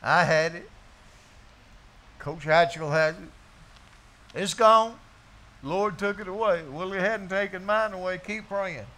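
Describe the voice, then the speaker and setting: A man's voice: high voice, takes it slowly, pauses often, sharp tone. A man preaching a sermon to his congregation, telling folksy stories and firing off rhetorical questions. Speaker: pastor. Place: church before a congregation.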